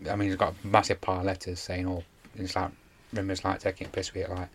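Man, lowish voice, chatty, rambling, lots of fillers. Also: completely flat delivery, very fast, a little hiss or hum. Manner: rambling retelling with many fillers. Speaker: podcast co-host. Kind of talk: casual chat.

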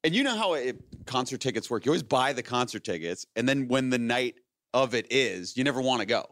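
A man's voice: medium pitch, lively intonation, brisk, fairly bright tone. A man in his late thirties, a podcast host, telling a long story in casual chat, laughing often and acting out the voices of the people in it. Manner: rambling, laughing, acts out quoted voices.

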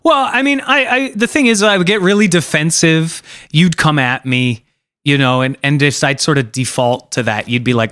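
A man's voice: a little high, moderate pace, a bit bright, smooth, no echo. Young man, podcast host, casual rambling banter, swears a lot, dry close sound. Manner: loose, rambling, swears a lot, acts out voices.

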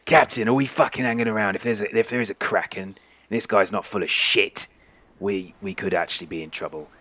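A man voicing Bjorn, a gruff, sweary pirate deckhand who is suspicious of a stranger. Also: on the low side, brisk, sharp tone, no room sound. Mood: alarmed. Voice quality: coarse and sweary.

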